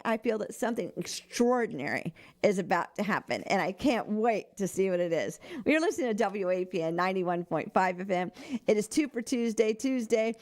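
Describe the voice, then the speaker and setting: An older woman hosting a radio show, giving a casual devotional talk in an earnest, chatty way and laughing often. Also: medium pitch. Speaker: radio host.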